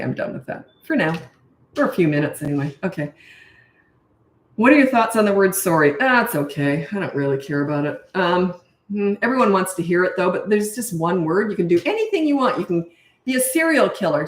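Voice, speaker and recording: Blunt woman parenting coach, echoey room. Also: mid-range voice. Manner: blunt, emphatic, laughs at herself. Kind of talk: casual advice monologue.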